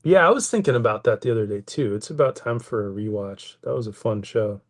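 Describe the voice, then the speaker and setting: A man co-hosting a casual podcast, excitable and quick to say "dude.". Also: lowish voice. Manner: excitable, says "dude" a lot. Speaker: podcast co-host. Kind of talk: casual chat.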